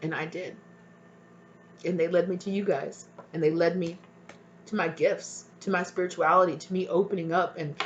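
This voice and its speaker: A woman's voice: fairly low pitch, fairly bright tone, highs cut off, slight background noise. Earnest woman giving a tarot reading. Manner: earnest, emotional spiritual encouragement, addressing viewers directly. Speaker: tarot reader. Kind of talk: pick-a-card tarot reading to viewers.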